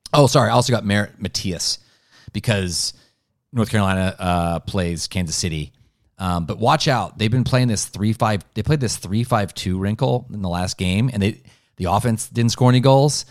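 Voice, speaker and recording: A low-pitched man co-hosting a loose sports chat, talking in a rambling way with plenty of "like" and "um". His voice sits close and dry, with no room sound around it. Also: a little mellow, no echo. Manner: rambling, full of "like" and "um". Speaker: podcast co-host.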